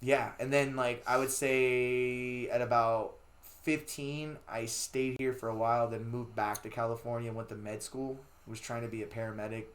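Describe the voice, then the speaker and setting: A young man from Los Angeles, a beatmaker guest in a casual interview, talking in a profane, rambling way that turns loud when he gets excited. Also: mid-range voice, normal speed. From Los Angeles, USA.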